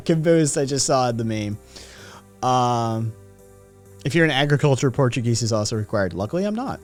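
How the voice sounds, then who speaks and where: A man's voice: mid-range voice, expressive, measured pace, faint music behind. A man hosting a casual livestream, reading statistics and chat messages aloud and reacting with profane, sardonic comments.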